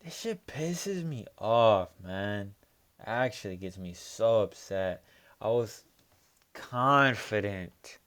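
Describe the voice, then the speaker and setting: A young man with a lowish voice talks through fight results on his own, casual and loose. He swears often, trails off into fillers and works himself up into heated rants. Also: fairly bright tone, smooth. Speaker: MMA recap host. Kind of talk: casual solo commentary.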